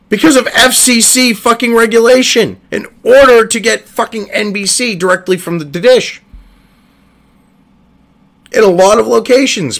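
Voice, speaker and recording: High, gravelly man ranting heatedly. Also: a bit bright. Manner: profane, exasperated, heated. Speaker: online political commentator. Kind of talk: ranting commentary. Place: at a computer desk.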